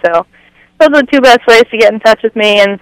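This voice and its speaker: A woman's voice: fairly high pitch, fast talker, smooth, dry recording, low-quality recording. A woman in her twenties from Canada, a race car driver, talking eagerly and gratefully as a radio guest, with lots of filler words. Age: 20s. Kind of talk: radio interview.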